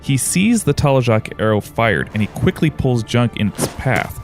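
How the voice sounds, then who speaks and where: A man narrating as game master in a tabletop game, in a steady, descriptive storytelling manner. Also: medium pitch, moderate pace, over music.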